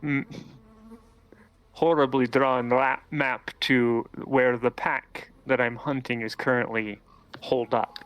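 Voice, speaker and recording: A man voicing a tired, wounded male werewolf hunter with a slight rasp and a calm, courteous manner. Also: mid-range voice, slow. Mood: weary.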